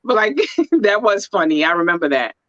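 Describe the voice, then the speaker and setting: A woman co-hosting a casual reality TV recap chat, talking in emphatic quick bursts. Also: medium pitch, sing-song, no echo, highs cut off. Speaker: reality TV podcast co-host.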